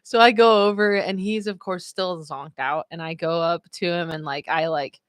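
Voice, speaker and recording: A chatty woman hosts a relaxed live stream and tells a story at an easy pace. Her speech is full of "like" and "you know," and she laughs often as she talks. The recording is close and dry, with no room sound. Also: lowish voice, normal speed, no room sound. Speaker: livestream host.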